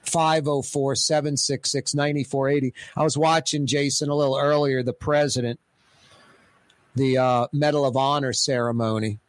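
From a radio studio, a man with a mid-range voice hosts a talk show at normal speed, chatting casually and running prize giveaways. He rambles animatedly, repeating himself with lots of stammered restarts. There is no room sound.

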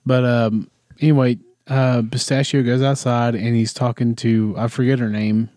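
A man's voice: mid-range voice, little pitch movement, normal speed, warm tone, no echo, clean studio sound. A young man casually recapping a movie with a friend, rambling with lots of fillers. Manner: rambling, many fillers and restarts.

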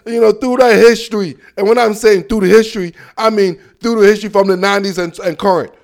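A man hosting a solo football talk show, boastful and slangy, telling stories with animated asides. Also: sits high. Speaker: sports show host. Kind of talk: casual solo sports talk.

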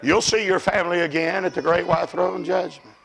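An older man preaching a fiery revival sermon, shouting high and then dropping to low murmurs. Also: steady tone, fairly quick, vocal fry.

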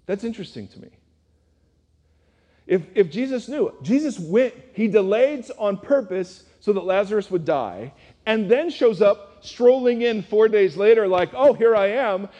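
High-voiced pastor in a reverberant hall. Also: male voice, animated, a little slow, mellow, muffled recording. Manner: casual, asks the audience rhetorical questions. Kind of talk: conversational sermon. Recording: long reverb of a large hall.

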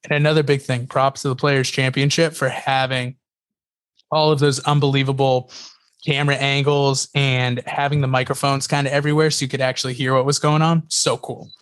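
Male podcast co-host, animated storyteller, mid voice, laughs a lot. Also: mid-range voice, brisk, clean tone. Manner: animated storyteller, laughs often, many fillers. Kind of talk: casual chat.

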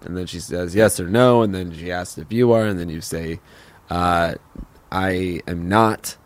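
A man co-hosting a comedy podcast, rambling through advice with deadpan jokes. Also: low-pitched, moderate pace. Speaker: podcast co-host. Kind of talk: casual comedic chat.

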